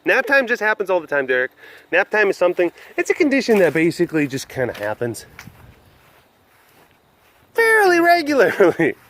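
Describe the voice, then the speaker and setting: A man's voice: sits high, big pitch swings, fast talker, a bit bright. A man hosting a casual webcast outdoors at an animal compound, rambling and joking with frequent laughs. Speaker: vlog host at a wild animal facility.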